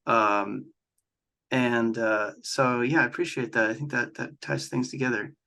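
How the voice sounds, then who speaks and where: A man's voice: mid-range voice, fairly even intonation, a little slow, gravelly, bright, forceful tone. A man hosting an interview, thoughtfully asking questions and thanking his guest. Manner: appreciative, thoughtful, a few fillers. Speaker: interview host.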